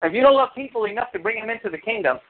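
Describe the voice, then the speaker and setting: A man preaching a sermon as pastor, animated, with sudden high exclamations. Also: rapid-fire. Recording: tinny phone-like sound.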